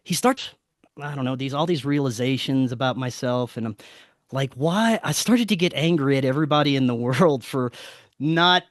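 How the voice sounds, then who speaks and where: Man telling a wild story, animated. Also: mid-range voice, moderate pace, no room sound, studio quality. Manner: animated, swears freely, acts out the dialogue. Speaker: podcast guest. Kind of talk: casual storytelling.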